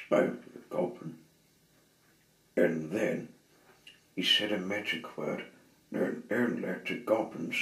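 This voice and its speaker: A man reading a children's story aloud with dramatic pauses and expressive delivery. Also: sits low. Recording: roomy, slightly distant mic.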